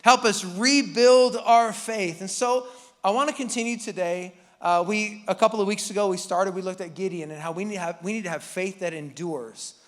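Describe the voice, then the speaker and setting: A man's voice: high-pitched, a little fast, big-room sound. A man preaching a casual, joking sermon as pastor, acting out Bible characters with the congregation. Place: church hall.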